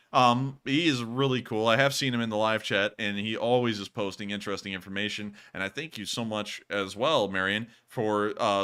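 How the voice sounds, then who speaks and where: A man hosts a casual live stream with a bright, forceful voice. He chats loosely and cracks jokes as he goes. His pitch sits in the ordinary middle for a man. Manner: jokey, loose and chatty. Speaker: host of a live war-news stream.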